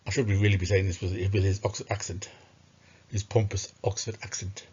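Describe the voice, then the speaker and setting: A man's voice: deep voice, level tone, a little fast, a little mellow, slightly rough. A man giving discursive, scornful commentary on philosophy, thinking aloud with hesitations. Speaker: philosophy video narrator. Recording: muffled lo-fi recording.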